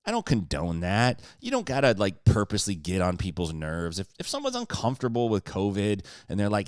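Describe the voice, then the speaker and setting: Man, low voice, swinging pitch, casual podcast rant, fired-up, sarcastic, dry close sound. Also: fairly quick, few pauses, dry recording. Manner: fired-up, swearing, animated; sarcastic joking. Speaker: podcast guest.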